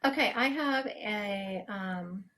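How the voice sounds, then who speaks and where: A woman's voice: mid-range voice, slow, sharp tone. A woman hosting a live stream as a psychic medium, chatting casually and laughing at herself.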